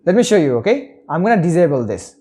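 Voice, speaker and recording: A man's voice: on the high side, sing-song, fast, dark tone. Man walking through a coding tutorial. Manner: talks through each click, repeats "okay?" and "over here". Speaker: web development tutor. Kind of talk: screen-recorded coding tutorial.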